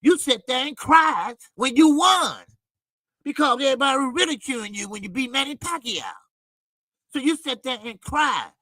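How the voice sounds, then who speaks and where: Male boxing-stream host, high voice, profane ranting commentary, dry close sound. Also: lively intonation, normal speed, dry recording. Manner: ranting, profane, loud outbursts. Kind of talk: livestream boxing commentary, greeting chat.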